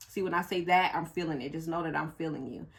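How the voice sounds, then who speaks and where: A woman's voice: low-pitched, quick pace, creaky. A woman reading tarot cards for viewers in a casual, emotional way, cursing freely as she goes. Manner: blunt, emotional, curses freely. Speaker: tarot reader.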